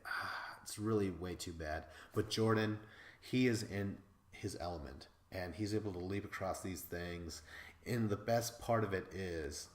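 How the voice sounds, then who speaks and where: A man from Wisconsin hosting a podcast, recapping episodes in a casual, excitable way, swearing freely and laughing as he talks. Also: low voice, a little slow, echoey room. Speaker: podcast host.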